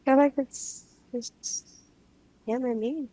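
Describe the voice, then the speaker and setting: A woman with a somewhat high voice speaks as a hypnosis client. She describes her visions hesitantly and dreamily, stopping and restarting often. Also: steady tone, warm tone, rough recording. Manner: hesitant, halting, dreamy speech with pauses and restarts.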